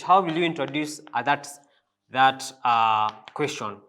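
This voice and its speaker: A man teaching a French lesson, repeating each phrase slowly and spelling out the pronunciation. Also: a little high, fairly bright tone. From Africa. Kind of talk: language lesson.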